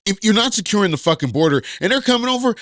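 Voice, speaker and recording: A man's voice: high-pitched, expressive, racing, fairly bright tone, no room sound, studio quality. A man co-hosting a podcast, cutting in with crude jokes during casual banter. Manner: crude joking interjections. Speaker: podcast co-host.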